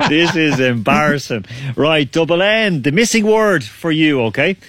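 A man's voice: on the high side, animated, unhurried, fairly bright tone, dry recording. A man hosting a casual online quiz, chatty and laughing often. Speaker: quiz host.

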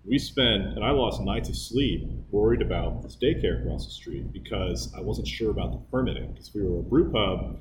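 Lower-voiced man chatting casually. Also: fairly quick, noisy background. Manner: relaxed rambling with many fillers. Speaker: guest. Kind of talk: casual chat.

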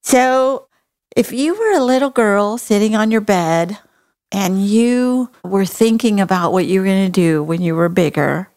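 A woman's voice: medium pitch, unhurried, darkish tone. A woman from Texas with a Texan accent, hosting a podcast in a folksy, earnest and compassionate way. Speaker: podcast host. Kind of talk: casual interview chat.

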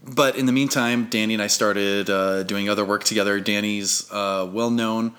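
A man hosting a casual chat, telling stories in an animated way and acting out quoted lines. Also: moderate pace. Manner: animated storyteller, acts out quotes with big pitch jumps. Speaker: host.

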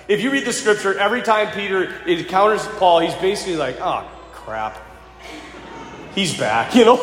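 A man preaching a sermon, telling stories in an animated way and calling the listeners to act. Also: high voice. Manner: animated storytelling, laughs and yells in the telling. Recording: echoey church hall, faint ambience.

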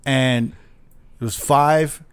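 A man's voice: medium pitch, drawn-out words, smooth. A man hosting a podcast, telling stories in casual chat and acting out other people's lines. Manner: storytelling, animated impressions of others. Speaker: podcast host.

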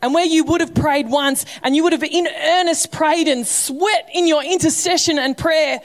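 A woman pastor preaches in a church, her voice sitting a little high for a woman. She talks casually and with humour, dropping into quoted voices to act out stories. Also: moderate pace. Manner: conversational, humorous preaching with acted quotes. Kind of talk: sermon.

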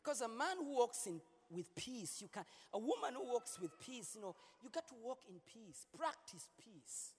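A man's voice: extremely high pitch, very animated, moderate pace, hardly any pauses, breathy edge. A man preaching as a pastor, playful and joking with his congregation, repeating words as he preaches in a large church. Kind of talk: sermon. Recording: long hall reverb.

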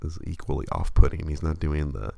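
A man's voice: a bass voice, fairly quick, gravelly, mellow, no echo. A man hosting a show, chatting casually and rambling with many stammered restarts. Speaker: podcast host. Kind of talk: casual chat.

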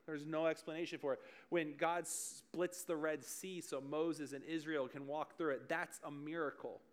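Man, 30s, youth-style preacher with a slightly high voice, casual and chatty, animated storyteller. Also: moderate pace. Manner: animated and chatty, full of "like" and restarts, laughing at his own stories. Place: church service in front of a group.

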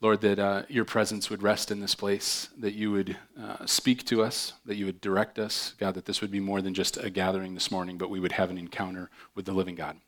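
A man with a fairly low voice preaches a sermon in a chatty, upbeat way. He reads scripture and breaks off into joking asides, then slips back into the sermon. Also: flat delivery, fairly quick, few pauses, a bit bright. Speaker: pastor.

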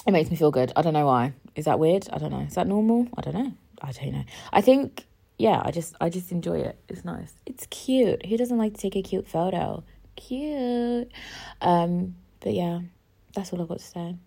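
A young woman in her twenties, talking alone in a rambling, emotional way, often swearing and sometimes rising close to a shout. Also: fairly low pitch, lively intonation, fairly quick, gravelly, breathy edge. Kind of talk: casual solo monologue.

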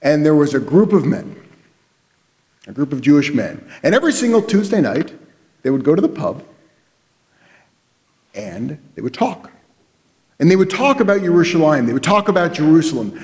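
A man's voice: fairly high pitch, moderate pace, long pauses. A man, a rabbi, telling a story in a sermon and bringing its dialogue to life. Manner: animated storyteller, acts out quoted dialogue. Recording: reverberant hall sound.

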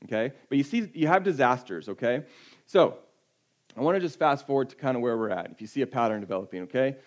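A man preaching a sermon in a conversational way. He often drops to a low, quiet voice for emphasis. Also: lively intonation, quick pace. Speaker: pastor.

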